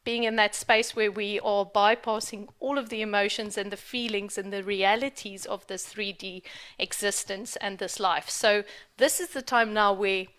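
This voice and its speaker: A woman's voice: mid-range voice, fairly even intonation, moderate pace, fairly bright tone. A woman talking on her spiritual vlog in a candid rant, frank and emphatic and swearing freely. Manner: emphatic, repeats for stress. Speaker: spiritual vlogger.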